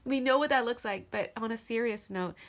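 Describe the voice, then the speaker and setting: A woman's voice: a little high, fairly quick. Earnest woman giving an intuitive tarot reading. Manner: earnest, channeling spirit messages with frequent restarts. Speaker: tarot reader.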